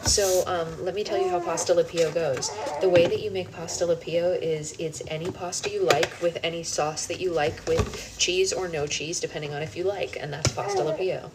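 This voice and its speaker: Her voice sits on the low side, steady and at normal speed with hardly any pauses. Streaming a book club live from her kitchen, this young woman chats and rambles, switching to sing-song baby talk for her infant while air conditioning hums loudly behind.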